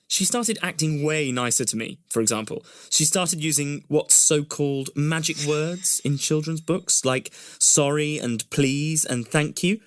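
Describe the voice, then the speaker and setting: A man's voice: fairly high pitch, no room sound, studio quality. A man narrating a scripted first-person story in an earnest storytelling voice that rises often.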